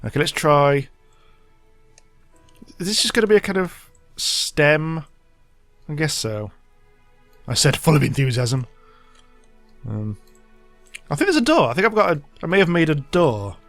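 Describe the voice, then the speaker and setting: A man rambles through casual gameplay commentary, mocking himself and thinking aloud, his pitch bouncing up and down. The sound is dry and close, with faint game music underneath. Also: sing-song, moderate pace, long pauses, fairly bright tone, dry recording. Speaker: let's play host.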